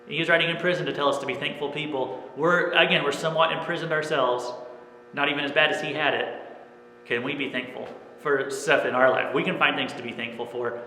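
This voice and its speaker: A man's voice: a little high, steady tone, brisk, sharp tone, slight background noise. A man preaching a sermon as pastor, earnest and plain, often checking in with "okay?". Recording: echoey room with long reverb.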